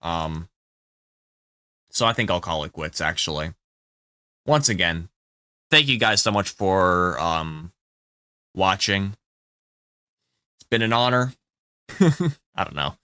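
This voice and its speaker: A man's voice: low voice, expressive, slow pace, pauses often, bright, forceful tone, smooth, no echo, studio quality. A man streaming a game, chatting casually with his viewers in a loose, profane way, full of ums and restarts. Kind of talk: casual live-stream chat.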